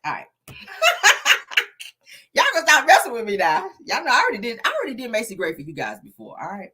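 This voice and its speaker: A woman recapping a reality show episode in a sassy, animated, slang-filled way. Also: on the high side, racing, breathy edge. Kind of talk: casual chat.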